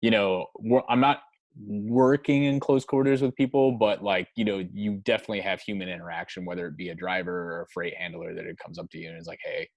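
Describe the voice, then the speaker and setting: Young male guest, very low voice, dry close sound, halting casual talk with loose swearing. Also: fairly even intonation, no room sound. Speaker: guest, musician. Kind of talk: casual chat.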